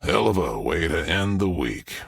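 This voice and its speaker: A man doing a gruff, wary sheriff. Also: low-pitched, very animated, measured pace, no room sound, full character voice. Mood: grim. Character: wary small-town sheriff, man, grim and skeptical.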